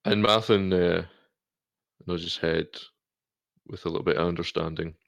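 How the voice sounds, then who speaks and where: A man playing a tabletop game, describing his character's actions in a relaxed, halting way. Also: low voice, vocal fry, no room sound. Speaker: player.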